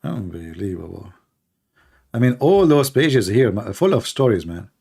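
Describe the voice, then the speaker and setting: A man's voice: fairly low pitch, big pitch swings, a little slow, creaky, warm tone, slightly rough. A man hosting mocking religious commentary in a sarcastic, incredulous tone. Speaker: host.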